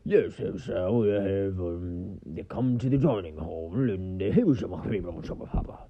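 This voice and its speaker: A man putting on a stuffy, upper-class English figure who speaks in halting, mumbled phrases. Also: low-pitched, animated, dull audio, exaggerated voice. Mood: pompous.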